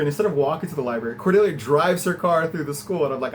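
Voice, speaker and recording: A man's voice: racing, a little hiss or hum, rough recording. Chatty man recapping an episode. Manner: chatty and enthusiastic, laughs often, swings from low to high pitch. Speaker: podcast host reviewing an episode. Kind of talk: casual recap and commentary.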